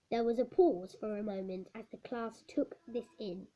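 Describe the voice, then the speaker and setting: A woman's voice: a little high, moderate pace, few pauses. A woman reading a children's book aloud, stumbling over words and correcting herself. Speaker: storybook reader. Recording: dull lo-fi recording.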